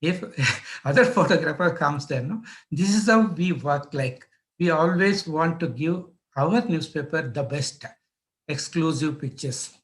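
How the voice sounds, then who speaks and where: An older man with a Karnataka Indian English accent tells war stories from a career in news photography. His voice sits a little higher than most men's. He pauses and restarts often, acting out the people in his stories. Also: rough recording. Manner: storytelling, with frequent pauses and restarts; acts out quoted dialogue, mixing in Kannada phrases. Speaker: news photographer, guest lecturer. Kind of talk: anecdotal lecture. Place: online lecture.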